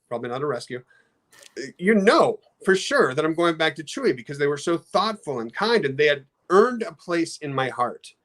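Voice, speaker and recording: A middle-aged man talking casually on a podcast about customer service, halting often with restarts. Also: fairly high pitch, a bit bright. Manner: halting, many restarts, storytelling with acted quotes. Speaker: card company customer experience head. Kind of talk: casual podcast talk with slides.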